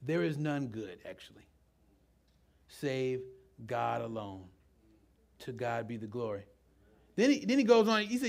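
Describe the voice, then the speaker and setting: A pastor preaches a loose, conversational sermon to a live church congregation, frequently putting questions to them. His medium-pitched voice is very animated yet unhurried and creaky, with long pauses.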